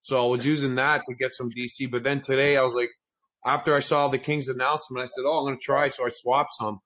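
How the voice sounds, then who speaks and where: A man's voice: medium pitch, level tone, quick pace, a bit bright. A man hosting a casual crypto call, rambling and joking with frequent laughs. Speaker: host.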